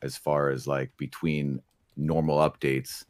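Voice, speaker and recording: A man's voice: rumbling low, flat delivery, measured pace, dry recording. A man appearing as a guest on a livestream, answering questions in an easygoing way and laughing often. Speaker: guest on a stream. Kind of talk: casual interview talk.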